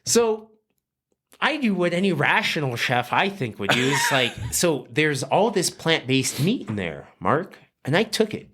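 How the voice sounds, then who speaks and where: Lively storytelling man from New Mexico. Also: fairly high pitch, measured pace, breathy edge. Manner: animated, lively storytelling with frequent fillers. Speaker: guest chef. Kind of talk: casual storytelling on a podcast.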